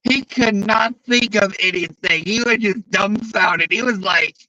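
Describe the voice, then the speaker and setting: Bright-voiced man ranting casually. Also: high voice, unhurried, no room sound, lo-fi sound. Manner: profane, exasperated, rambling. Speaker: streamer. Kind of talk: casual storytelling chat.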